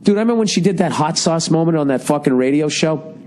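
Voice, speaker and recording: A man's voice: fairly high pitch, animated, quick pace, darkish tone, slight background noise. A man, ranting sarcastically and profanely in a casual podcast monologue, his voice a little strained and cracking. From United States. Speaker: podcast host.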